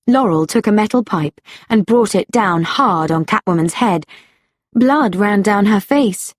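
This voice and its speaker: A female narrator reads a story for learners very slowly and deliberately, her medium-pitched voice soft, breathy and animated. The recording is close and dry, with no echo.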